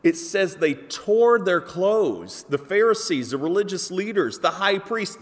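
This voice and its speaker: A man's voice: high voice, big pitch swings, unhurried. Man preaching a sermon in a reverberant hall. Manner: earnest, builds to emphatic peaks when quoting. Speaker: pastor.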